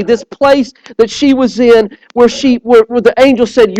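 High-voiced preacher. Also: male voice, measured pace, hardly any pauses, no echo, low-quality recording. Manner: animated storyteller, repeats words and phrases; earnest, appeals directly to listeners. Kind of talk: sermon.

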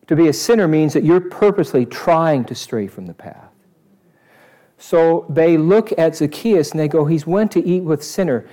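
A man preaching a sermon to a live congregation, animated and asking them questions. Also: on the high side. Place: church service before a congregation.

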